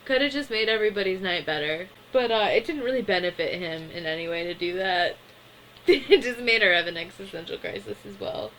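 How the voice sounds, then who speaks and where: A young woman talks through a cartoon episode in a loose, chatty way, packing her sentences with fillers and small laughs. Her voice sits at an ordinary middle pitch. A faint hum of room noise stays behind her. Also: fairly bright tone, rough recording. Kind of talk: casual episode recap.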